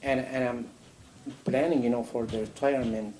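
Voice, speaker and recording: A man giving a sermon in a mosque, animated and full of rhetorical questions. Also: medium pitch, normal speed, a little hiss or hum, rough recording. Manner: animated, acts out a dialogue with God, rhetorical questions. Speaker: imam answering a question. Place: mosque hall.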